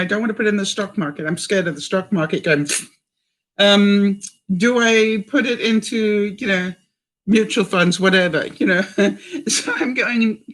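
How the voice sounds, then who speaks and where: A woman's voice: medium pitch, fairly bright tone. An older woman from Canada chatting in a livestream, reading viewer comments and coaching her audience with questions. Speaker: vlogger.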